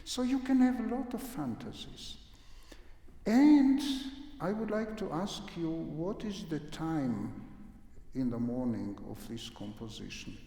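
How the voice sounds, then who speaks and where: A man's voice: a little high, lively intonation, slow pace, mellow. A man teaching a piano master class in a concert hall, coaching a young pianist with vivid images and humming phrases to show how they should go. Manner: sings and hums phrases to demonstrate; uses vivid imagery to explain the music.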